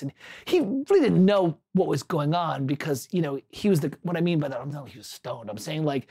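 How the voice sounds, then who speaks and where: A man's voice: a little high, expressive, fairly quick, darkish tone, slightly rough. A man hosting a livestream, chatting casually, telling a rambling anecdote with self-corrections and answering viewers' chat.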